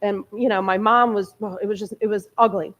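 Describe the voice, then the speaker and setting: A woman's voice: mid-range voice, fairly even intonation, brisk, lo-fi sound. A woman in her early forties giving a candid, emotional personal testimony as a guest speaker in a church. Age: 40s. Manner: candid, conversational, emotional storytelling. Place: church sanctuary.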